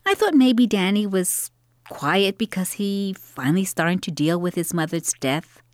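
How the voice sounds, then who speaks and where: A woman's voice: mid-range voice, no echo, studio quality. A middle-aged woman narrating a dramatic monologue in a reflective, wry manner.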